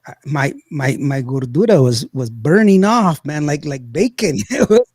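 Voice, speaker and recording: A man, hosting a podcast and telling a long, rambling, animated story full of laughter and acted-out quotes. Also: fairly high pitch, moderate pace, breathy edge, no echo. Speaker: podcast host. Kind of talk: casual storytelling chat.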